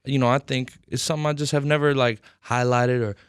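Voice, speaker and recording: A man's voice: mid-range voice, fairly even intonation, fast talker, clear, resonant tone, no room sound, studio quality. A young man in his twenties answering interview questions thoughtfully and earnestly, with many fillers. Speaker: rapper, interview guest. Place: radio studio.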